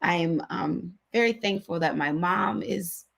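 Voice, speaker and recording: Woman co-host, gravelly, emotional and sincere, casual chat over a video call. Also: lowish voice, measured pace, a bit bright. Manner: emotional, sincere, repeats herself. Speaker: co-host of a women's online talk show.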